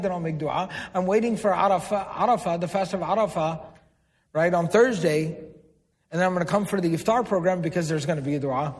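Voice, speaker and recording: High-voiced man lecturing in a hall. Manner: asks the audience questions and repeats key words for emphasis. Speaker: religious teacher. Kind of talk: religious lecture to a live audience. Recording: long hall reverb.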